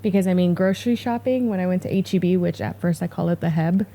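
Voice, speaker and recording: A woman's voice: on the low side, quick pace, warm tone, a little hiss or hum. A woman in her forties, a hairstylist guest, telling stories in casual podcast chat and swearing freely. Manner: chatty, swears casually, storytelling.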